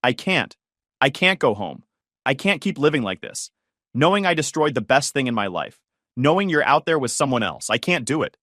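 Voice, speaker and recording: A man's voice: mid-range voice, very animated, moderate pace, fairly bright tone, dry recording, studio quality. A man voicing a tearful young woman who pleads desperately with her ex-fiancé to take her back. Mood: desperate begging.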